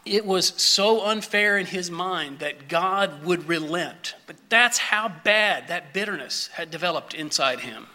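A man's voice: high-pitched, expressive, unhurried, hardly any pauses, bright, forceful tone. A man preaching a sermon, reading scripture expressively and adding commentary with rhetorical questions and the odd slip.

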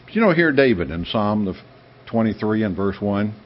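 A man from the United States preaching a sermon in an emphatic way, with sudden high, excited bursts. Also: normal speed. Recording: dull lo-fi sound.

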